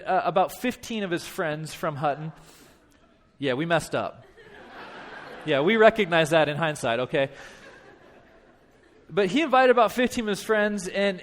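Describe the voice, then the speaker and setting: A man in his thirties, a pastor telling a funny story in a sermon, animated and self-deprecating. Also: high-pitched. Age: 30s. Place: church.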